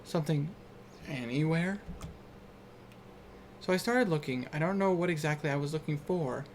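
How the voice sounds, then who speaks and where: A man voicing a calm, curious young man as the narrator of a visual novel, reading in a measured way. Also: fairly high pitch, a little hiss or hum, close to an everyday voice.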